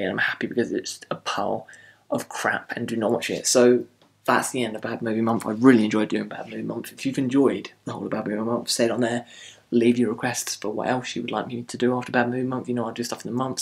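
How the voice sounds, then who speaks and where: A man's voice: mid-range voice, creaky. A man reviewing a film in a casual, rambling video. He rants and repeats himself a lot. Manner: rambling, repetitive ranting.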